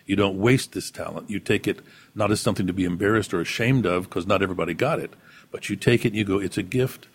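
A man's voice: low voice, quick pace, breathy edge. A man from Texas, reflecting in a conversational interview in a thoughtful, storytelling way. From San Antonio, Texas. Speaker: actor being interviewed.

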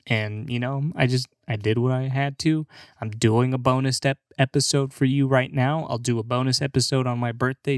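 A man hosting his podcast alone, talking casually and slowly, with lots of swearing and joking. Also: mid-range voice, fairly bright tone, dry recording, clean studio sound. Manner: slow, swearing, laughs between jokes. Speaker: podcast host. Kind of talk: casual comedic monologue.

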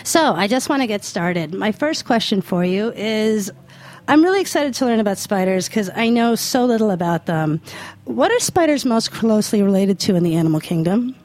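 A woman's voice: mid-range voice, expressive, moderate pace, a little mellow. A woman hosting a radio interview show, chatting in a bubbly, enthusiastic way and giggling often. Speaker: host. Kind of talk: casual interview.

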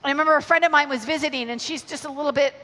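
A middle-aged woman preaching at a conference, telling stories in an animated way with quick restarts. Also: high voice. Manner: animated storytelling with stammered restarts. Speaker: conference speaker. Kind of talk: energetic sermon. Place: large hall. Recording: live hall with long reverb.

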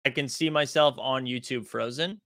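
A man's voice: medium pitch, normal speed, fairly bright tone. A young man hosting a livestream, talking to his chat casually and sounding frustrated and restless. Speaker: livestream host.

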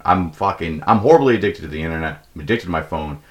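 Young male host, low voice that swings wide, profane and rambling, comic storyteller. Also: fast talker. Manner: profane, animated, acts out quoted people in a high voice. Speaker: podcast host. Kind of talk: casual comedic storytelling.

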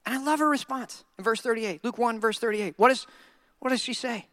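High-voiced, joking male pastor. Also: fairly quick, no echo, studio quality. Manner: humorous, animated storytelling. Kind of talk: sermon.

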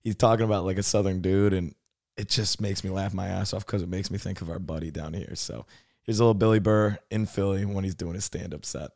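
A man's voice: low voice, steady tone, a little fast, a little mellow, no room sound, studio quality. A man hosting a reaction video in casual chat, swearing and saying dude a lot.

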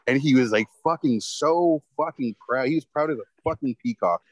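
A man's voice: medium pitch, moderate pace, dry recording, rough recording. Swearing man telling a rambling story. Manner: rambling, heavy swearing, lots of fillers. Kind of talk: casual storytelling chat.

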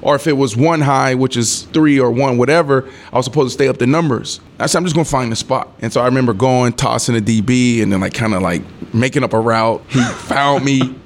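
A man in his thirties tells a sports story in a relaxed interview, his voice sitting at an ordinary middle pitch. He is an animated storyteller who acts out what people said, swears freely and laughs as he goes. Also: fairly quick, few pauses. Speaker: former NFL wide receiver, guest.

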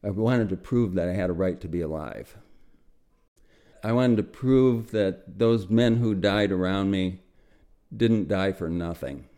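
An older man from the United States telling his own story for a documentary radio piece, slow and reflective, often sinking to a quiet murmur. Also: low voice.

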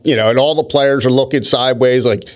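A man's voice: medium pitch, fast talker. A man telling rambling stories in casual podcast chat, often restarting his sentences. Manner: rambling, animated storyteller with frequent restarts.

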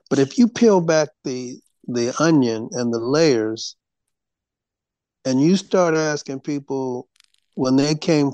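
A man hosting a show, giving slow, lecturing commentary to his audience. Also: mid-range voice, a little mellow, no room sound. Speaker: host. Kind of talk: preachy commentary.

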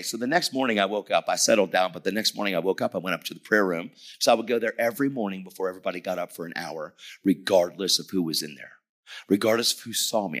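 A middle-aged man preaching a lively sermon, telling stories animatedly and shouting at the peaks. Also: lowish voice.

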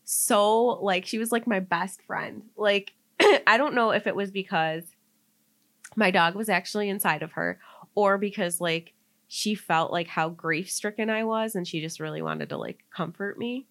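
A woman's voice: medium pitch, moderate pace, a bit bright. A young woman co-hosting a podcast, telling a personal story in casual chat, full of "like" fillers and getting tearful. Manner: heavy use of "like" as filler, emotional and tearful. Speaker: podcast co-host.

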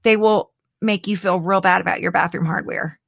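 A middle-aged woman in casual chat, animated and dramatic, laughing often. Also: lowish voice, moderate pace, gravelly, no room sound, clean studio sound.

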